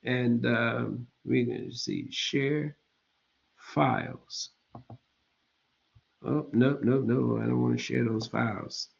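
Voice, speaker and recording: A man in his fifties giving an online lecture, explaining slowly and deliberately, often checking in with students and dropping informal jokes. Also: medium pitch, fairly even intonation, creaky, lo-fi sound. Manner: slow, deliberate explaining, keeps checking in with "all right?"; informal and joking asides.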